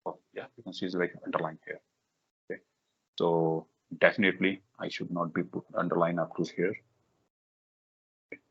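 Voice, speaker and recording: A man leading a live software tutorial for a workshop, talking in halting bursts with many fillers, restarts and repeated "okay"s. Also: low voice, level tone, breathy edge. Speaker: workshop instructor. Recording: dull lo-fi recording.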